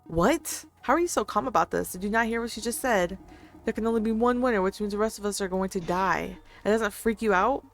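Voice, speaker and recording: A woman voicing an angry, defiant young woman who swears and shouts in frustration. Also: medium pitch, a little fast, faint music behind, natural voice. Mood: alarmed.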